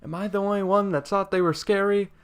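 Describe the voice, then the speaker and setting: A man's voice: high-pitched, steady tone, a little fast, smooth. Young man ranting in a game review. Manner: rambling, profane, jokey rants. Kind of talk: casual video game review.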